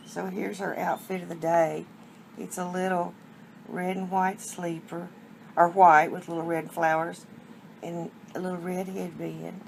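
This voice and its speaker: Slow, gravelly-voiced West Texas woman cooing. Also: fairly low pitch, flat delivery. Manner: soft, cooing, drawn-out baby talk. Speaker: reborn doll collector vlogger. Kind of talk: casual chat and baby talk to a doll. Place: home. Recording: noisy home video.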